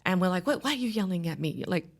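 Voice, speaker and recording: A woman's voice: lowish voice, animated, quick pace. A woman in her thirties giving an emotional personal testimony, storytelling with animation and acting out the voices of others. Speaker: guest sharing her story.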